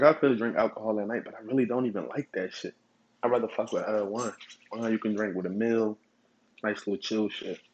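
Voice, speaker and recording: A man hosting his own podcast, telling stories in a relaxed, profane way and chuckling often. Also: lowish voice, breathy edge, highs cut off. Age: adult. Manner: laid-back, profane storytelling with chuckles. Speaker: podcast host. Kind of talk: casual solo podcast monologue.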